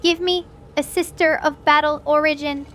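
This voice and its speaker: Woman streamer, very high voice, excitable and gushy, lots of restarts; casual stream sign-off. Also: moderate pace, slight background noise. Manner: gushing, excitable, stumbling over her words. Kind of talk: livestream wrap-up chat.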